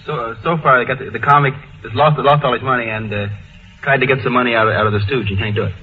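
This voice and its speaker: A male comedy writer on a radio panel, telling jokes in a halting, deadpan way. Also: mid-range voice. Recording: phone-like old radio broadcast, faint hiss.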